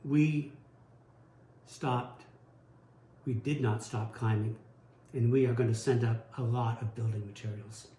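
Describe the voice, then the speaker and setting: A man's voice: medium pitch, fairly even intonation, unhurried, long pauses, mellow. A man preaching a sermon as pastor, telling personal stories in an earnest way. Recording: roomy echo.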